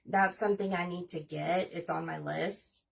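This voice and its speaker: A woman's voice: on the low side, steady tone, moderate pace, vocal fry, breathy edge, distant mic. A woman in her forties chatting casually and rambling as she hosts a crafting livestream. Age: 40s. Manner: chatty, rambling, talks while working.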